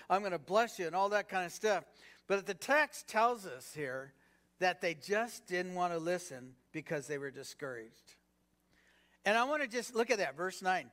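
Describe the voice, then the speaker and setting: A man with a notably high voice preaching a sermon. He talks conversationally, tossing rhetorical questions to the congregation and leaning on "you know" between thoughts. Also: a bit bright. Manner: peppered with "you know" fillers. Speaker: pastor.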